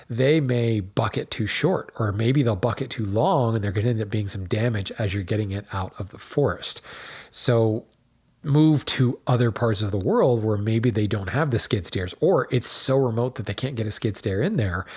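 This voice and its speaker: A man's voice: on the low side, a little mellow, husky. A man hosting a show, explaining in a casual, conversational way, stepping through the process with asides and small restarts. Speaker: woodworking show host. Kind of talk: casual educational talk.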